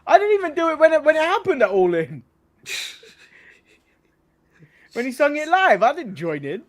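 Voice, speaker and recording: A man's voice: very high voice, sing-song, moderate pace. An English man co-hosting a casual wrestling podcast, joking, swearing freely and laughing often. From England. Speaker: co-host.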